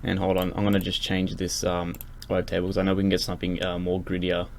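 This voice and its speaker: Low, flat-voiced man with loud synth music. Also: fast talker. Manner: loose and rambling, lots of fillers and restarts. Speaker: music production tutor. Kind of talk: casual screen-recorded tutorial. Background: loud synth music and keyboard typing.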